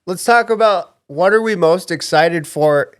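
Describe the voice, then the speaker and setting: Upbeat male co-host, fairly high clear voice, casual bro banter. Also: measured pace, no room sound, clean studio sound. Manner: enthusiastic, jokey, says dude and bro. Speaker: podcast co-host. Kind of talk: casual chat.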